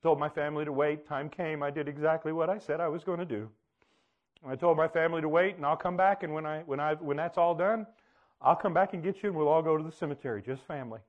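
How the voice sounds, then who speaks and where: A man preaching, telling a personal story in an earnest way that swings from hushed to loud. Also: fairly high pitch, fast, dull audio. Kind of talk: personal testimony sermon.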